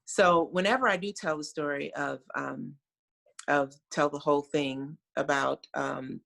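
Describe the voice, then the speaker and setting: Middle-aged American woman guest on a video call, gravelly and bright, earnest and reflective, lots of fillers. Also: low voice, steady tone, unhurried. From United States.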